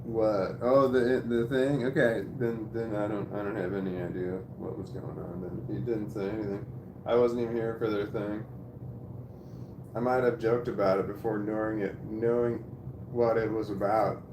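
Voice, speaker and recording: A man's voice: lowish voice, normal speed. Laughing, swearing man chatting on stream. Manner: animated storytelling, laughs often, swears. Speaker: livestream host reading chat. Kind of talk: casual livestream chat. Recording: roomy sound with faint background noise.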